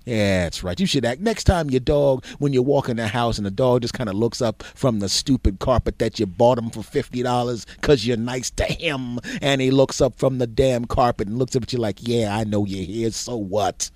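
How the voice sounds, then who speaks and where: A man's voice: medium pitch, fairly quick, hardly any pauses, a little mellow, dry recording. Man ranting in a crude comedy monologue. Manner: rambling, crude, exaggerated storytelling. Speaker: podcast host.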